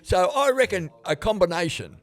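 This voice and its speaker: A man's voice: high-pitched, animated, moderate pace. An older man with an Australian accent, chatting about footy as podcast co-host, rambling with fillers and chuckles. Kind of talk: casual footy chat.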